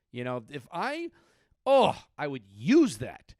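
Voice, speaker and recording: A man's voice: a little high, huge pitch swings, takes it slowly, darkish tone, dry recording, clean studio sound. A man in his thirties hosting a comedy podcast, riffing profanely on odd news stories and slipping into mock voices.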